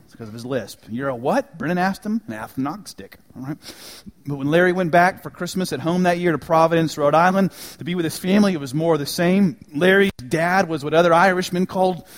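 A man preaching a sermon in a church, telling a story with dramatic swings from loud emphasis to hushed, quiet lines. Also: fairly high pitch, fast. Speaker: pastor.

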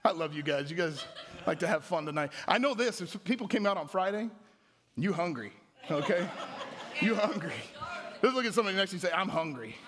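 A man's voice: high voice, lively intonation, a little fast. A man preaching a sermon in church, joking with the crowd and prompting them to answer back.

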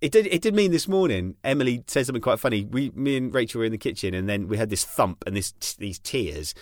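A man's voice: mid-range voice, fast, dry recording, studio quality. A man in his thirties from England, co-hosting a casual chat and acting out his children's voices in his stories. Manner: animated storyteller, acts out his daughters' voices. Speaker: podcast co-host.

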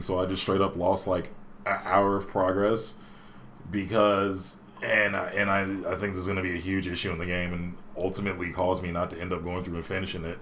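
A young man in casual gaming chat, swearing freely and jumping between voices as he retells scenes. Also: a little hiss or hum. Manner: animated, swears a lot, acts out quoted characters in high voices.

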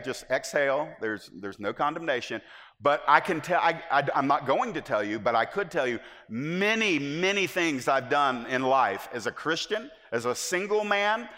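A man preaching a sermon from the pulpit in a church, animated, stretching out key phrases and acting out the quotes he reads. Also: on the high side. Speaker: pastor. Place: church sanctuary. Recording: echoey hall.

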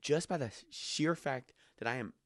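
A man explaining Bible ideas in a casual discussion, animated and acting out quotes. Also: medium pitch, normal speed. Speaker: Bible teacher co-host.

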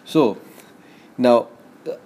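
A man's voice: extremely slow, warm tone. A young man with a Malaysian English accent, co-hosting a casual chat in a jokey way and laughing often. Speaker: podcast co-host.

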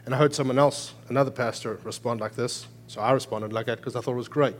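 A man preaching a sermon as pastor, moving between emphatic raised lines and quiet, earnest explanation. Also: medium pitch, steady tone, fast talker.

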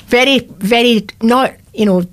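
A woman's voice: a little high, unhurried. Woman, 60s, radio guest, earnest heartfelt storyteller, voice prone to cracking. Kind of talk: radio interview, personal testimony.

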